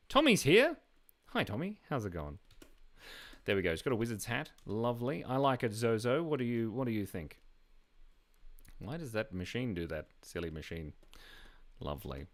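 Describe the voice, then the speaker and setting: A man hosting a live drawing stream, chatting casually and playfully while reading viewer comments aloud. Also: lowish voice. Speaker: live-stream artist host.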